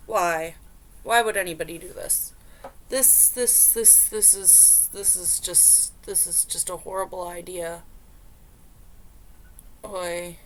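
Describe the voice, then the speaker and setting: A woman's voice: lowish voice, steady tone, slow pace, long pauses, a bit bright, slight background noise. A woman vlogger reading online posts aloud and reacting in disbelief. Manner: incredulous, exasperated reactions. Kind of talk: casual reaction commentary.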